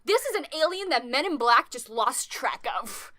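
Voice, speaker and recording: A young woman co-hosting a casual podcast, rambling through stories with restarts. Her voice is high and bright, and her pitch moves around a lot. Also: moderate pace. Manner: animated, rambling with restarts and laughter. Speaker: podcast co-host. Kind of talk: casual chat.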